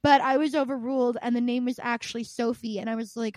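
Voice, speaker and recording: A woman with a high voice chats casually about games on a podcast. She tells her stories with lively energy and swears freely. The recording sounds dry and close. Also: fast talker, few pauses, dry recording. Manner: animated, profane storytelling. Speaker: podcast co-host. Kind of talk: casual video game chat.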